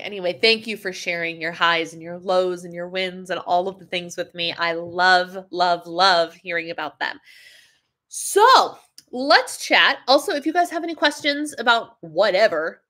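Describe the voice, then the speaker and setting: A woman who is a wellness coach, chatting on a webcam livestream and reading out viewer comments. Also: on the low side. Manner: chatty and animated, laughs often.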